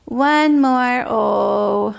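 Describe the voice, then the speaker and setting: A woman leading a preschool circle time outdoors, talking slowly and sing-song, sometimes dropping to a whisper for guessing games. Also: on the high side, vocal fry, clear, resonant tone. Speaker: preschool teacher.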